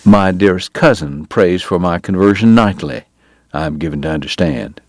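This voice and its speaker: A male audiobook narrator voicing a sardonic, sickly gentleman with a genteel drawl and cutting wit. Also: low voice, normal speed, dry recording, close to an everyday voice. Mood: genteel, wry. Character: sardonic consumptive Southern gentleman, a dentist. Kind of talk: audiobook character voice.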